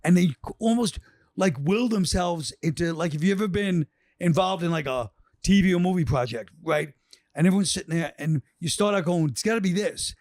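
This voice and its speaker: A man's voice: high voice, a little fast, a little mellow, dry recording, clean studio sound. A man on a podcast, chatting casually and telling rambling stories, acting out the quotes. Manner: rambling storyteller, acts out quotes. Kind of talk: casual chat.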